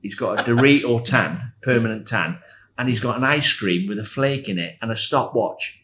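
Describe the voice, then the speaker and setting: A man in his sixties, a former footballer, telling animated anecdotes as a podcast guest and laughing as he goes. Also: lowish voice, moderate pace. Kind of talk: anecdotal storytelling.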